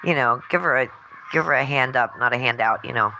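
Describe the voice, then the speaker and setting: Low bright-toned woman co-host. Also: brisk, rough recording. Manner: supportive, offers advice. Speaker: podcast co-host. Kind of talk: casual chat. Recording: faint background noise.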